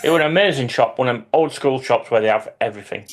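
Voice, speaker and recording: A man, a hobby YouTuber, telling lively anecdotes in casual chat with some swearing. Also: medium pitch, fast.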